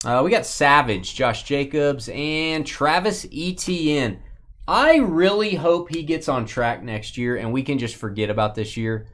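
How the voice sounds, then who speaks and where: A man's voice: mid-range voice, a little slow. A man hosting a live-stream sports card break, calling out cards and teasing his crew in joking banter.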